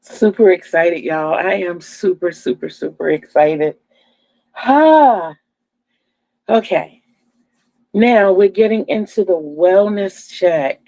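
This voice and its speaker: A woman's voice: fairly low pitch, lively intonation, slow, pauses often, mellow, dry recording, poor audio. A woman in her sixties from Virginia, hosting her crochet channel in a homey, chatty livestream and calling her viewers "y'all". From Virginia, USA. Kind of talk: casual livestream chat.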